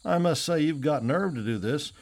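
A man's voice: on the high side, expressive, moderate pace, pitched above the performer's own voice. A man reading aloud plays a bold young ranch hand from the West, speaking in a plain, forthright and earnest way. The voice stays close to the reader's own, for an audiobook. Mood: defiant.

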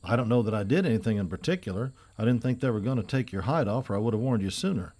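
A man's voice: lowish voice, expressive, fast, darkish tone. Man doing a young ranch hand, earnest, forthright, plain-spoken, audiobook reading.

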